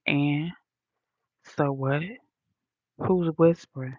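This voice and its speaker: A woman ranting bluntly and profanely to her viewers, talking softly into a headphone mic at home in a condo. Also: deep voice, flat delivery, normal speed, no echo, lo-fi sound. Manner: blunt, profane, soft-spoken. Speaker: vlogger. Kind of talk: casual rant to viewers. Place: high-rise condo.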